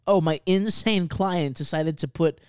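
Animated high-voiced young man, dry sound. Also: unhurried, clean tone, no room sound. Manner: laughing, animated storyteller full of "like" and "bro". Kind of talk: casual chat.

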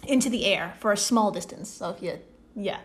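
A woman's voice: mid-range voice, brisk. A woman on a casual podcast, playfully explaining a problem step by step with jokes. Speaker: podcast co-host explaining science.

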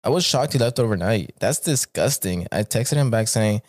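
A man's voice: lowish voice, lively intonation, moderate pace, no echo. A man hosting a podcast, reading stories aloud in a laid-back, casual way and swearing freely.

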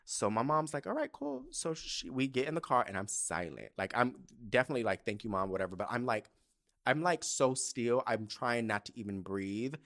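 Animated, profane man telling a story. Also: medium pitch, normal speed. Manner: animated, profane, laughs mid-sentence, swings loud to hushed. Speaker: podcast host. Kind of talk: casual storytelling monologue.

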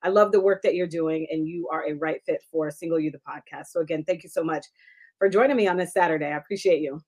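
A woman's voice: low voice, fast talker, darkish tone. A woman hosting her own podcast, upbeat and chatty, laughing often as she talks with a guest. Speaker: podcast host and coach. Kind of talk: casual interview chat.

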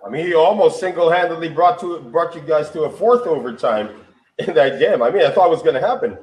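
A man's voice: a little high, animated, brisk, a little mellow. A man hosting an interview, easygoing and laughing along with his guest. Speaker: podcast host. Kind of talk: casual interview. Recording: roomy, distant mic.

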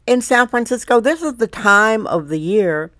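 An older woman from Wisconsin hosting her own podcast, chatting in a playful, theatrical way with big swoops in pitch. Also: animated, normal speed, sharp tone, dry recording, studio quality. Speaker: podcast host. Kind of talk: casual solo podcast monologue.

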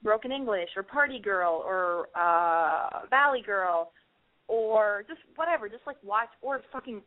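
A woman's voice: medium pitch, animated, measured pace. A woman hosting a casual advice call, giving a rambling, profane, emphatic pep talk. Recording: tinny phone-line sound.

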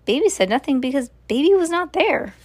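A woman's voice: high-pitched, very animated, fairly quick. Woman reading a storybook aloud. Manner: casual asides with fillers. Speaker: parent reading to a child.

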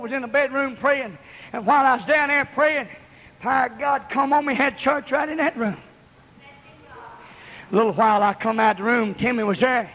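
A male preacher with a strikingly high, bright, piercing voice, hammering out repeated lines in a fiery revival sermon. He shouts in a rhythmic, chanting cadence. The church sound trails off in a long hall reverb. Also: muffled recording.

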